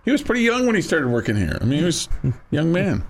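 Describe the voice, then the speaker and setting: A man's voice: fairly high pitch, wildly swooping pitch, fast talker, creaky. A man co-hosting a sports radio show, easygoing and self-deprecating in the banter. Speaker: co-host.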